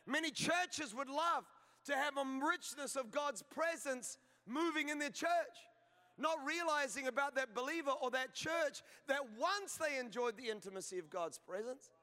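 A man's voice: very high-pitched, expressive, normal speed, bright, forceful tone. A middle-aged man preaching a sermon, telling humorous stories and building to emphatic declarations. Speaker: pastor. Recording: reverberant hall.

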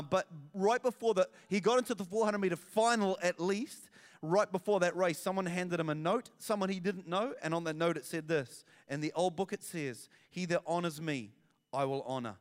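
Aussie pastor guy preaching, kinda high voice, chatty storytelling, big echoey church. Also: brisk. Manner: animated, self-deprecating storytelling with asides. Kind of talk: sermon.

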